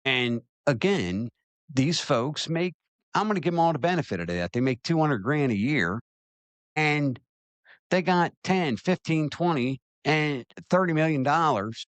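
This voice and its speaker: A man's voice: fairly high pitch, expressive, measured pace, dry recording. A man hosting his own podcast, ranting emphatically and answering listener questions, often repeating himself to drive a point home. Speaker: podcast host. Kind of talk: opinion rant and listener Q&A.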